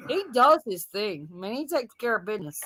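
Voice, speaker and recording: A woman hosting a casual stream, telling stories loudly and teasing, laughing often. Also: medium pitch, big pitch swings, brisk, dry recording. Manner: loud, laughing, teasing storyteller. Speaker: host. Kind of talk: casual live-stream chat.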